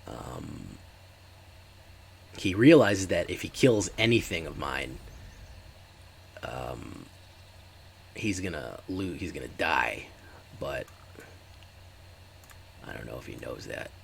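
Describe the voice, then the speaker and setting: A man's voice: a bass voice, big pitch swings, takes it slowly, gravelly, long pauses, slight background noise. A man giving casual, chatty commentary while streaming a card game and talking to his live chat.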